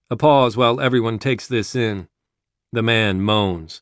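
A man reading a dramatic story aloud in a measured narrating voice. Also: lowish voice, a bit bright, no echo, studio quality.

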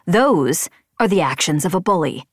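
A woman's voice: fairly low pitch, lively intonation, moderate pace, no room sound, studio quality. A woman voicing a stern young male flight leader who speaks firmly and lectures. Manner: firm, lecturing.

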